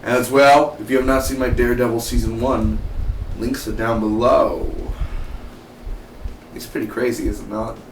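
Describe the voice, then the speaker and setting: A man's voice: mid-range voice, normal speed, long pauses. Chatty male TV reviewer, echoey room. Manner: chatty and excitable, peppered with "man" and "dude". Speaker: TV show reviewer. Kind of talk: casual spoken episode review. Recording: echoey room, mic at a distance, faint background hum.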